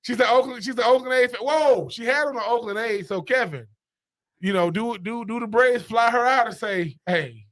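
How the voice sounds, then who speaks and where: A man with a Southern American accent co-hosting a casual sports talk show, excitable and often repeating himself. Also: extremely high pitch, normal speed. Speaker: sports radio co-host.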